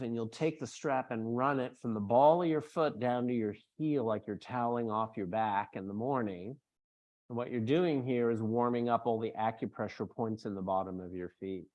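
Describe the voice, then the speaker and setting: Man teaching a yoga workshop. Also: mid-range voice. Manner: explains anatomy, then guides poses slowly and softly.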